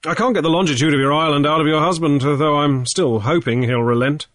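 A man reading a storybook, voicing a shrewd, cool male sea trader in a brisk, airy way with small hesitations. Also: fairly high pitch, fairly even intonation, a bit bright, no room sound, pitched above the performer's own voice, lightly acted. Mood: cool, probing. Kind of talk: audiobook character voice.

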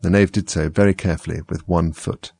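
A man narrating a storybook in an expressive, lively reading. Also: low-pitched, brisk, gravelly, breathy edge, no room sound.

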